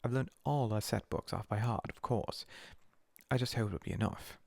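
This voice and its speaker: A man voicing a bossy, know-it-all young schoolgirl in a whispered role-play, chattering primly and quickly. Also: fairly low pitch, creaky, a little mellow, no room sound. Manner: rapid, prim, self-assured chatter.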